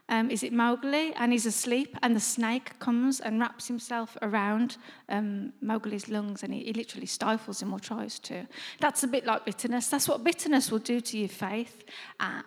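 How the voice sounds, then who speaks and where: Brief: middle-aged woman, earnest testimony, slightly high voice, echoing hall. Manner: earnest, conversational, with frequent restarts. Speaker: speaker sharing a faith testimony. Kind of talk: personal testimony. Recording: long reverb, as in a hall.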